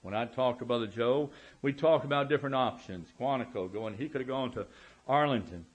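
A man preaching a sermon as pastor in a church, emphatic and drawing out key words, calling out for amens. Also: mid-range voice. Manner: emphatic, slow drawn-out words, calls out for amens. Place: church sanctuary.

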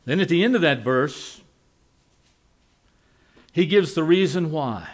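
A man's voice: on the high side, expressive, slow. Folksy man preaching a sermon. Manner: folksy storytelling, swinging between loud and quiet.

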